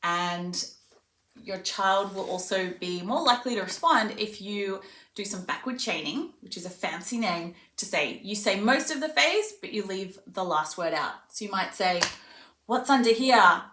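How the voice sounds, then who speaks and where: A woman speech pathologist with an expressive mid-range voice and a sharp tone gives parents tips at a normal speed, explaining in a friendly way. For demonstrations she switches to a sing-song play voice. The video was recorded in an echoey room, with her voice somewhat distant and off-mic.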